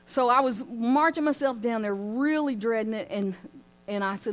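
Animated woman leading a Bible study. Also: on the high side, normal speed. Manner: animated, asks the group questions, laughs often. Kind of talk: informal Bible study teaching.

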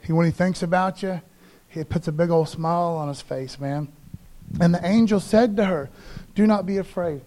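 High-voiced, animated male preacher. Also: moderate pace. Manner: casual, animated preaching, calls listeners "man". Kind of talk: sermon. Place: church.

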